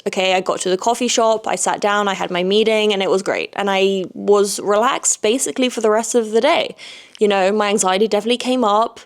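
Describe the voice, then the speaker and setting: Woman podcast host, casual solo monologue, blunt and sweary, mid-range voice. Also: mid-range voice. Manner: blunt and frank, swears freely, repeats "okay?" for emphasis.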